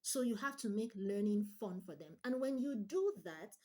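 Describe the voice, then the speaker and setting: A woman online tutor giving an emphatic instructional talk, stressing her points with deliberate repetition. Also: mid-range voice, expressive, dark tone.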